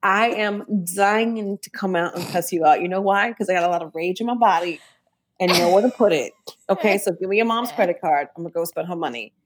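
Brash, foul-mouthed woman with a lowish voice. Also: a little fast, a little hiss or hum. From New Jersey. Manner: brash, blunt comic storyteller, swears freely. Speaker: podcast co-host. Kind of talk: casual chat.

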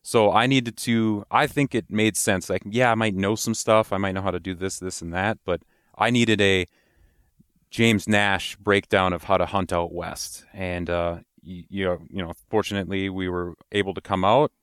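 A man's voice: deep voice, fairly even intonation, moderate pace, a bit bright, clear, resonant tone, no room sound, studio quality. A man from Wisconsin, a guest in a casual interview, talking at length and laughing along.

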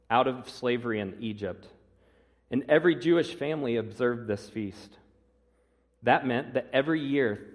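Male pastor, sermon, measured delivery, mid-pitched voice, long church reverb. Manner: measured, slows down on key phrases, some fillers. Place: church sanctuary.

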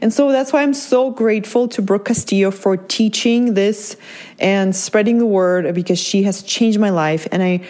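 A woman's voice: mid-range voice, normal speed, darkish tone. A woman hosting a podcast, speaking candidly about her feelings, often checking in with "right?" and restarting her sentences. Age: adult parent. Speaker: podcast host. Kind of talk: personal reflective monologue.

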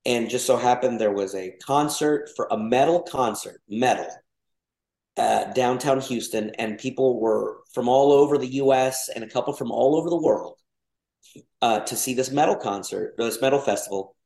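A man's voice: medium pitch, moderate pace, creaky, a little mellow. A man from Mexico chatting casually as a podcast guest, wandering through thoughts with lots of restarts and fillers. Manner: rambling, many restarts and fillers. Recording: roomy echo.

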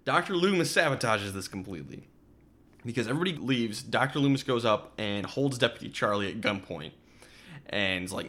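A man's voice: fairly low pitch, expressive, brisk, fairly bright tone. A man co-hosting a podcast, casually retelling a movie's plot and acting out characters' lines. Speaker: podcast co-host. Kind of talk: casual movie recap chat.

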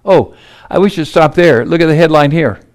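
A man's voice: on the high side, moderate pace. A man giving urgent political commentary over maps and headlines, emphatic and incredulous.

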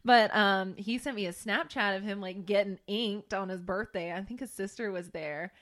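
A woman's voice: mid-range voice, normal speed, fairly bright tone. A woman in her twenties co-hosting a casual chat, rambling and laughing often.

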